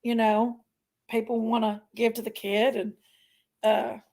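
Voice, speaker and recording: A woman hosting a casual live stream from her couch at home, a little hoarse from allergies and talking in a rambling, chatty way. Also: on the high side, little pitch movement, unhurried, dark tone, rough recording.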